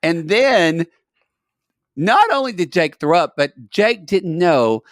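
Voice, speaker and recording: A man co-hosting a casual podcast, telling stories with animated quoted voices. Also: high voice, slow pace, no echo, clean studio sound. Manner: chatty storyteller, animated quoting. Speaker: podcast co-host. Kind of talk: casual chat.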